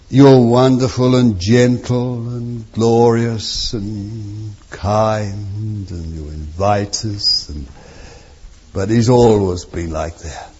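A male preacher delivering a fervent sermon at a slow, deliberate pace. His voice swings between soft, hushed phrases and loud, drawn-out exclamations. The recording is dull and lo-fi. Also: mid-range voice.

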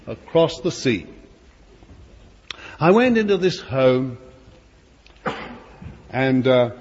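A man's voice: mid-range voice, a little mellow. An older man preaching a storytelling sermon, chatty and anecdotal, full of playful asides. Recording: dull old recording in a reverberant hall with faint hiss.

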